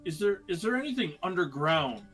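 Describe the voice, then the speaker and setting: A man's voice: high-pitched, sing-song, a little fast, loud music behind the voice. Formal man asking probing questions. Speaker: player.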